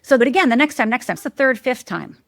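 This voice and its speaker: A woman speaking as a guest life coach in an animated interview, emphatic and teacherly, repeating key words and jumping high in pitch to mimic the people she quotes. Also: fast, creaky, no echo, clean studio sound.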